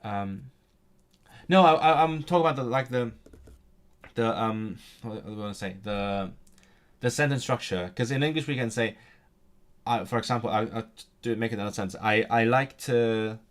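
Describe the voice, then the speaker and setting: Halting language learner, lowish voice. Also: male voice. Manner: halting, many restarts, searching for words; bursts of excitement about grammar. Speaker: language learner in an online lesson. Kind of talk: casual lesson chat.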